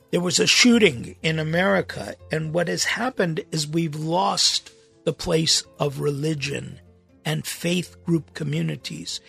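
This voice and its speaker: Priest host, male, rough and fairly high voice, reads scripture then talks it through plainly. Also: fairly bright tone. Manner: reads scripture then comments in a conversational, emphatic way. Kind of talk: podcast sermon.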